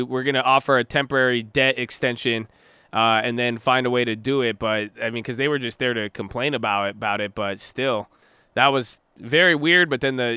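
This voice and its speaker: A man giving casual live commentary on the stock market, excitable and easily startled, joking about conspiracy theories. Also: medium pitch, smooth, dry recording, studio quality. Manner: excitable, jumpy, laughs when startled. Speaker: market livestreamer.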